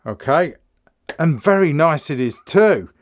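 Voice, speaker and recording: A man's voice: on the high side, lively intonation, measured pace. A man from England with an English accent, reviewing a rifle in a frank, matter-of-fact, casual way. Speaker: firearms reviewer.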